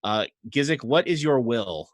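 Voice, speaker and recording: A man narrating as game master, rambling and relaxed, with many fillers. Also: medium pitch, measured pace, dry recording, clean studio sound.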